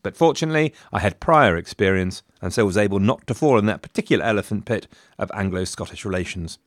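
A man delivers scripted history narration, full of dry wit and sarcastic asides. His intonation is lively and animated, and the recording is dry and close-miked. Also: lowish voice, fast, no echo. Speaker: history podcast host.

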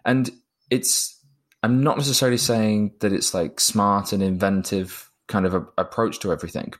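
A man's voice: on the low side, fairly even intonation, moderate pace. A man discussing a film in a thoughtful, hesitant way, often repeating words as he talks.

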